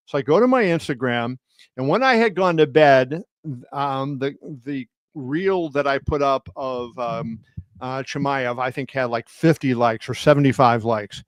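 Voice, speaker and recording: A man with a medium-pitched voice and a measured pace hosts a casual live stream as a boxing journalist, using a home setup. His storytelling is packed with fillers and restarts, and he raises his voice to act out quotes; the sound is dry.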